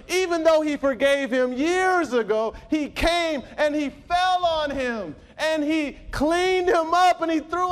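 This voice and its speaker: A man's voice: very high-pitched, a bit bright. A male pastor preaching a sermon, reading scripture aloud and calling out questions to his congregation. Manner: reads scripture aloud in King James wording.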